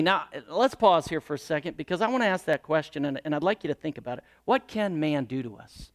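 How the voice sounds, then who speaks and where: A high-voiced man preaches a sermon. He presses his points with loud, emphatic lines, then drops into quiet, low asides. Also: expressive, quick pace, few pauses. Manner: emphatic, rising and dropping between loud exclamations and hushed asides. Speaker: pastor.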